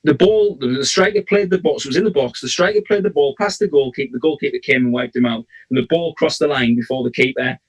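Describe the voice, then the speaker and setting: A man's voice: medium pitch, quick pace, hardly any pauses, low-quality recording. A man, co-hosting a casual referee chat and telling a long rambling story with many restarts. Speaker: referee, podcast co-host.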